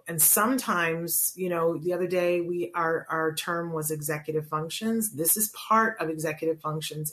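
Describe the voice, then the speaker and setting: A middle-aged woman hosting a talk show in a chatty, earnest way. Her voice sits a little low for a woman. She often stops and restarts her sentences, with plenty of fillers. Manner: chatty and earnest, lots of fillers and self-corrections. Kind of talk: casual talk show monologue.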